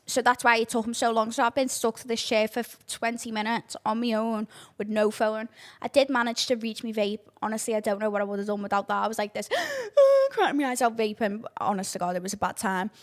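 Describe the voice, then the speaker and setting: A woman's voice: a little high, animated, fairly quick. A young woman telling a chaotic story on her podcast, dramatic and sweary. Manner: breathless, dramatic oversharing, lots of swearing. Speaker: podcast host. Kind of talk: casual storytelling.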